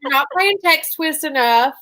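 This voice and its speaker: A young woman co-hosting a show, recapping episodes in casual, quick chat full of "like". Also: high-pitched, expressive, bright, forceful tone, rough recording. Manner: chatty, quick, says like a lot. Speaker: co-host.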